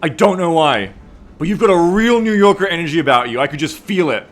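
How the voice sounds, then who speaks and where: A man's voice: a little high, expressive, brisk. A man streaming a strategy game, chatting casually with viewers and reading their messages aloud in a playful, teasing way, laughing often.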